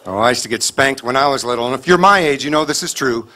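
A man performing a stand-up comedy set to a live audience, punchy and loud, acting out little bits of dialogue. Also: mid-range voice, quick pace. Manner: loud, punchy delivery with voiced bits and asides. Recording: live show with crowd noise. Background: audience laughter.

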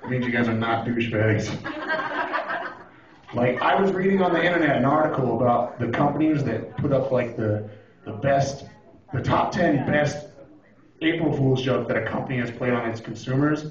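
A man doing a profane, animated stand-up routine on a club stage, now and then breaking into shouted impressions. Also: mid-range voice, moderate pace, crowd noise. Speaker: stand-up comedian. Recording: roomy, distant, dull lo-fi club recording. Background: audience laughing.

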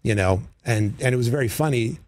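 A middle-aged man, a comedy writer, telling stories as a guest in a studio interview, animated and breaking into voices. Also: mid-range voice, a little fast, no echo. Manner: animated, slips into character voices. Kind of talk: casual interview storytelling. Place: radio studio.

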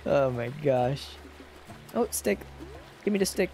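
A chatty streamer plays through a game and talks to viewers in loose, casual commentary. The voice is animated, with a wide pitch range, and often drops to a quiet mutter while searching around. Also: slow, long pauses, faint music behind. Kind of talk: casual let's-play commentary.

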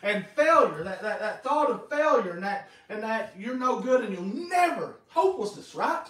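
A man preaching a sermon as pastor, telling stories in a lively way and acting out quotes. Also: sits high, moderate pace. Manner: lively, animated storytelling with acted-out quotes. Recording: echoey hall, voice from far off.

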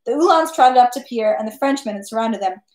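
A woman reading a classic novel aloud at home, steady with occasional slips and self-corrections. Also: on the high side, fast talker, roomy sound. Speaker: reader.

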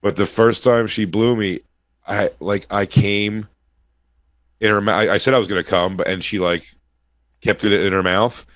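A man with a fairly low voice trades crude stories in relaxed studio banter. He laughs into his own punchlines. His voice is dry and close to the mic. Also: moderate pace, pauses often, no echo. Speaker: podcast co-host. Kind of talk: casual comedic banter.

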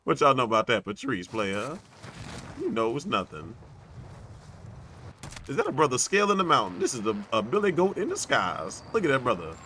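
Playful streamer guy teasing his squad, bright lively voice. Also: medium pitch, moderate pace, long pauses, slight background noise. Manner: playful, teasing, full of retro slang and laughter. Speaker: game streamer. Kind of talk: casual gaming commentary.

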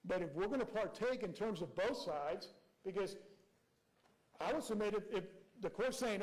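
A man's voice: sits high, animated, fast talker, a little mellow, poor audio. A man arguing as prosecutor before a judge, reading out quotes and pressing rhetorical questions. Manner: reads quotes aloud. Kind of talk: courtroom argument.

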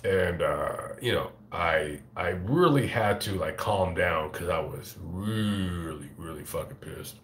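Deep-voiced man rambling on a livestream. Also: animated, slight background noise. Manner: profane, halting, with frequent restarts. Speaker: channel host on a livestream. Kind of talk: casual rambling livestream chat. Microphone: phone. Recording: echoey room.

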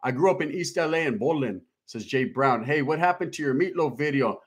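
A man's voice: mid-range voice, expressive, fairly quick, breathy edge. A middle-aged man hosting a casual livestream, reading viewer comments aloud in a laid-back, slangy, streetwise way. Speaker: livestream host reading chat. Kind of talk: casual live-stream chat.

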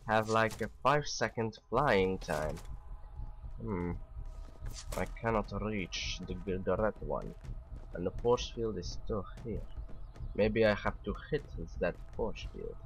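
A fairly low-pitched man commentates his own video game playthrough in a casual let's play, joking around and talking back to the characters. There's slight background noise.

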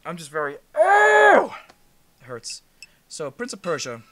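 A man commentating a game he is playing, excitable and profane, often shouting at the screen. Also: fairly high pitch, a little fast. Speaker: gamer. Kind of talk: profane let's-play commentary.

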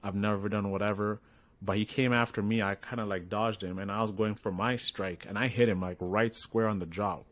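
Chatting casually on a podcast he co-hosts, a man spins an animated story and acts out the quoted voices of its characters. His voice sits on the low side, he speaks fairly quickly, and the recording is dry.

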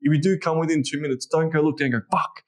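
Blunt Australian man, higher voice. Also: steady tone, very fast, darkish tone. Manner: blunt and heavily profane, acts out lines he would say. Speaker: guest, dating and sex coach. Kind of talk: candid podcast conversation.

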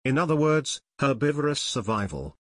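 A man's voice: mid-range voice, big pitch swings, normal speed, fairly bright tone. A man voicing a plump teenage boy who solemnly lectures his friends about living on vegetables. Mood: pompous.

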